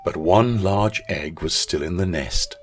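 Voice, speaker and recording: A man, a school chaplain, narrating a children's story in an expressive storytelling manner. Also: sits low, measured pace, soft background music.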